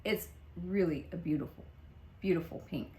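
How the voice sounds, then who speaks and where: A woman's voice: on the low side, moderate pace, a little mellow. A woman chatting casually through a makeup vlog, rambling and restarting her sentences as she talks. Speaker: beauty vlogger. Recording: roomy echo.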